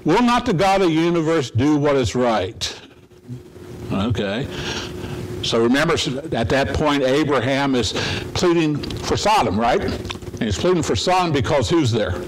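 A pastor giving a conversational sermon, often checking in with listeners by asking "right?" and acting out quoted pleas in short bursts. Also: male voice, a little high, lively intonation, unhurried, slight background noise, low-quality recording. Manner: conversational, asks the audience rhetorical questions with "right?"; acts out pleading voices in quotes.

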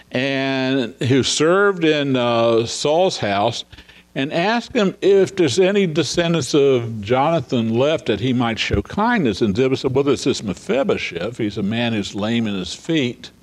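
A man teaching an informal Bible study, chatting through scripture scenes, asking his listeners rhetorical questions and paraphrasing the dialogue. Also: mid-range voice. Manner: conversational, asks listeners rhetorical questions and chuckles.

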